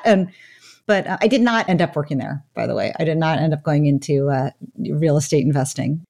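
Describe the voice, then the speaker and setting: A woman's voice: low voice, lively intonation, brisk, creaky, a little mellow. A woman in her fifties, a guest author on an interview podcast, recounting her past in a reflective storytelling way with many casual asides. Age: 50s. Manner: reflective storyteller, frequent "you know" asides.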